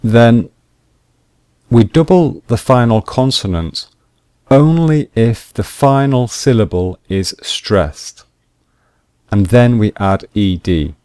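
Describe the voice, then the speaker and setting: A man teaching English grammar rules slowly and deliberately, repeating each point with examples. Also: medium pitch, animated, warm tone, dry recording. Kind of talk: slow explanatory grammar lesson.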